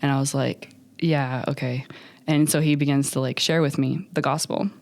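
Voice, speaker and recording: A young adult woman, a podcast guest, telling her story in an animated, filler-heavy way and acting out what others said. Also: extremely low pitch, moderate pace, no room sound. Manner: animated, many fillers, acts out others' lines. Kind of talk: storytelling in a conversational interview.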